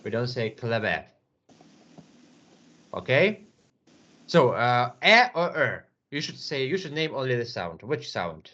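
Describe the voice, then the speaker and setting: A man teaching English one to one, patient, repeating words slowly with many fillers. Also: medium pitch, very animated, a bit bright, highs cut off. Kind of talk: online English lesson.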